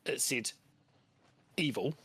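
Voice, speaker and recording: A man's voice: mid-range voice, takes it slowly, sharp tone, husky, no room sound. A man playing in a tabletop game, asking questions and thinking aloud in a hesitant, casual way. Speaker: player.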